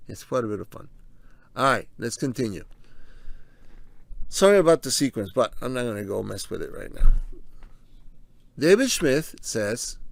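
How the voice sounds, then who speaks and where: The presenter of a health video gives a casual, conversational explainer, repeating his key points as he walks viewers through on-screen slides. His voice sits on the low side and carries some vocal fry.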